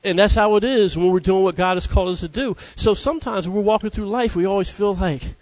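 High-voiced man preaching conversationally. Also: fast talker, a little mellow. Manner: conversational, calls out Amen to the congregation. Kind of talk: sermon.

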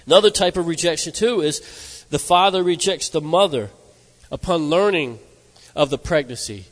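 A man's voice: a little high, moderate pace. A man preaching a sermon with emphasis, often asking "amen?" of his listeners. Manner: emphatic, asks the congregation "amen?". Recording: long hall reverb.

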